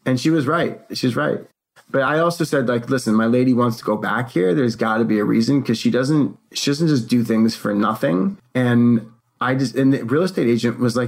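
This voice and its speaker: A young man with a gravelly, fry-tinged voice tells a personal story in easy, casual chat. He is animated and slips into the voices of the people he quotes. His pitch sits in an ordinary middle range. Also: fairly quick. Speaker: co-host.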